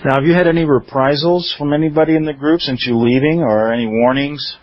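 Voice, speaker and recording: A man's voice: on the high side, steady tone, brisk, dull audio. A man hosting a radio call-in show, asking questions in a plain, conversational way. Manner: plain, conversational, short prompts. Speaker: radio talk show host.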